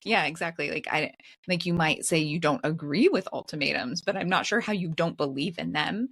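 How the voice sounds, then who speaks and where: Chatty woman host, a little low. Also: a little fast, gravelly, fairly bright tone, slightly rough, no echo, studio quality. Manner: chatty, thinks aloud with many restarts. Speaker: podcast co-host. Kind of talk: casual book club chat.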